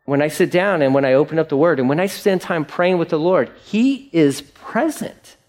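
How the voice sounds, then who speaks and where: A man's voice: on the high side, expressive, normal speed, darkish tone. A male pastor preaching a conversational sermon, acting out quotes and asides.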